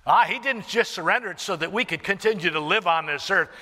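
A man preaching a sermon, swinging from hushed near-whispers to loud emphatic declarations and quoting scripture. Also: high voice, brisk, big-room sound. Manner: restarts and fillers, quoting scripture.

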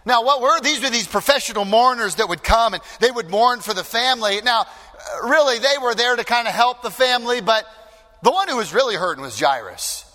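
A man's voice: extremely high pitch, expressive, fairly quick, bright, forceful tone, long reverb tail. A male pastor giving an earnest, emphatic sermon, often repeating phrases for weight.

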